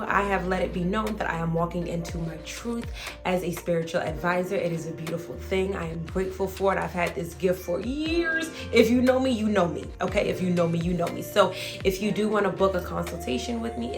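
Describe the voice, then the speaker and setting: A woman vlogger and spiritual advisor chatting casually to camera in a playful, animated way, speaking. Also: medium pitch. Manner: animated, playful, talks straight to viewers with "y'all".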